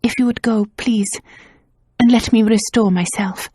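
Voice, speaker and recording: Fragile young governess, breathy and strained, kinda high, woman doing her. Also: steady tone, unhurried, mellow, dry recording, studio quality. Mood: distraught. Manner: strained, breathy, near tears.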